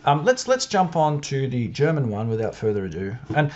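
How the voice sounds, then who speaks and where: Australian man, casual video commentary, animated delivery, muffled lo-fi sound. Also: mid-range voice, normal speed. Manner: chatty and self-doubting, laughs often. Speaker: video creator analysing newspapers. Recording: dull lo-fi sound.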